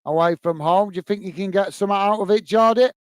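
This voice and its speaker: A man's voice: high-pitched, fast, dry recording. Chatty British man hosting a football watch-along. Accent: British English. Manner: chatty, greets viewers by name, frequent "uh" fillers. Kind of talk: live football commentary and chat reading.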